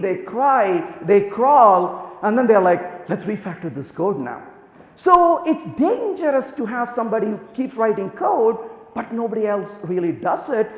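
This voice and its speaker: A man giving a conference talk, telling lively anecdotes and acting out the dialogue in them. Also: very high voice. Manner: animated storytelling, acts out quoted dialogue. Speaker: conference speaker. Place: large conference hall. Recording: echoey hall, long reverb.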